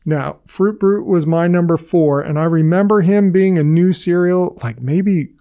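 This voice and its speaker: A chatty podcast co-host, a man with a slightly higher voice who steers the conversation. He sounds enthusiastic and keeps things moving casually. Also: measured pace, dark tone, smooth. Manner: enthusiastic, chatty, leads the segments. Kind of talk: casual chat.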